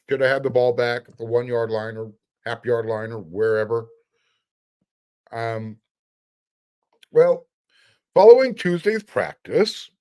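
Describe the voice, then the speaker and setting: A middle-aged man hosts a sports podcast with a mid-range voice, neither high nor low. He hammers his points home with emphasis and dry sarcasm, sounding fired up about the topic. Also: a little mellow. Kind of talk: casual sports commentary podcast.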